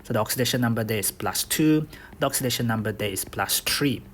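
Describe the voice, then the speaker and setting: A man's voice: medium pitch, fast talker, fairly bright tone, a little hiss or hum. A man, a chemistry tutor, lecturing over slides, explaining step by step and checking in with "okay?" after each point. He has a Bruneian accent. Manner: explains step by step, repeats key points, says "okay?" often.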